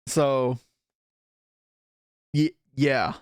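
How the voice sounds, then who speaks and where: A man's voice: mid-range voice, steady tone, very slow, smooth, no room sound, clean studio sound. A young man from Canada chatting casually on a live stream, rambling and self-deprecating as he reacts to chat.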